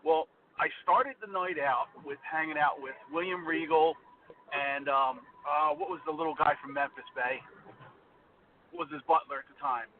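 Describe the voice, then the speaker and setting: Man, caller, high lively voice, tinny distant phone line, laughing storyteller. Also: moderate pace, slight background noise. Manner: animated, laughing, acts out other people's lines. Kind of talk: casual storytelling on a radio show.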